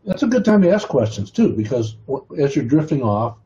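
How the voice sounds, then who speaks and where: A man co-hosts a relaxed conversation, chiming in with short, matter-of-fact remarks. His tone is mellow and dark. The recording sounds slightly dull and lo-fi. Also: mid-range voice, a little fast. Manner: brief, matter-of-fact interjections. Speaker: co-host. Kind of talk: casual conversational chat.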